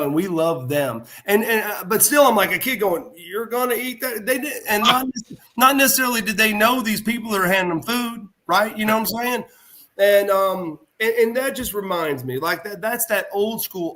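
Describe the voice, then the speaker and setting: Animated middle-aged man telling a story. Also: high voice. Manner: animated, acts out quoted voices. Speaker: former pro wrestler, guest. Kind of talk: casual anecdote storytelling. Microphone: remote video call.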